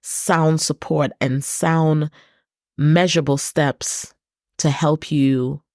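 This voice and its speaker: Woman host, low voice, slow and earnest, leans on repeated words, dry close mic. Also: fairly even intonation, a little mellow, no room sound. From Britain. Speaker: podcast host. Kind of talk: personal reflective monologue.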